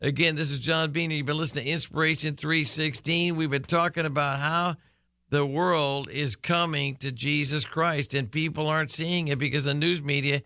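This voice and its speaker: A man's voice: fairly high pitch, steady tone, normal speed, pushed and bright, clear, resonant tone, no echo, studio quality. A male radio show host recapping a guest's story in a conversational, enthusiastic way. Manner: conversational, enthusiastic asides, laughs.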